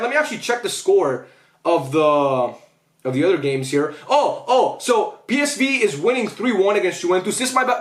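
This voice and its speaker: Young male football vlogger, high voice, rapid rant, roomy echoey home recording. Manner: animated, swearing, repeats himself, self-interrupting. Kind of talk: casual reaction vlog.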